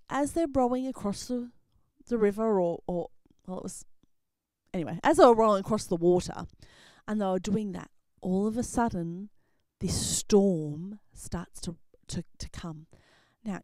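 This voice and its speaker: Expressive woman telling kids a Bible story. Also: medium pitch, no room sound. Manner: expressive, drops to whispers and jumps to loud exclaims. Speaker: children's ministry presenter.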